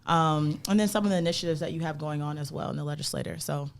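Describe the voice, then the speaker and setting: Friendly woman podcast co-host, lowish voice. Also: fast talker, vocal fry. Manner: friendly, reads from notes at an even pace. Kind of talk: casual podcast chat.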